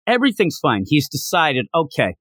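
A man co-hosting a podcast, chatting casually about a manga chapter and acting out characters' lines in quick voices. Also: a little high, lively intonation, a bit bright, no echo. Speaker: podcast co-host.

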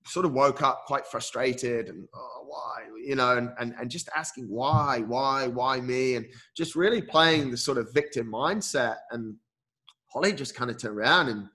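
A man's voice: medium pitch, normal speed, bright, forceful tone. A man, an endurance coach, telling a personal story as an interview guest, speaking earnestly and candidly, often saying "mate" and restarting his sentences.

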